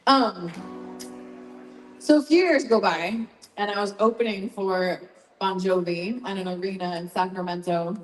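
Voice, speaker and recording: A woman singer-songwriter telling a lively story between songs at a live gig, acting out what people said. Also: lowish voice. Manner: chatty, animated storytelling with acted-out quotes. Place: brewery venue, indoors. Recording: roomy live sound with long reverb. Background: guitar.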